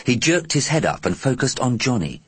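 A man narrating an audiobook with deliberate, expressive storytelling. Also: mid-range voice, breathy edge, dry recording.

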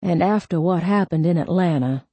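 A soothing yet firm middle-aged mother, as a female reader voices her, low, mellow and husky, measured delivery, close and dry, storybook dialogue. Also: no echo.

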